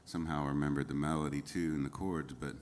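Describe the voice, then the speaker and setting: Low-voiced man chatting from stage. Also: steady tone, fast, a little mellow, a little hiss or hum. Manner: rambling, easygoing storytelling with frequent fillers. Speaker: singer-songwriter performing a livestreamed show. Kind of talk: casual stage banter between songs. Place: music venue stage, seated. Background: faint guitar.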